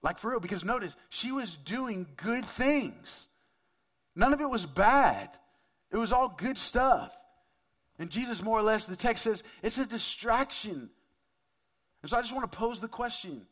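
Man preaching, casual sermon, slightly raised pitch, questions to the congregation. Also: animated, a little slow, a bit bright. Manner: conversational, asks the audience questions. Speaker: pastor.

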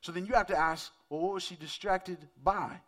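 Speaking at normal speed, a male pastor gives a casual, conversational sermon and keeps asking his audience questions. His voice sits high, with a steady and fairly bright tone.

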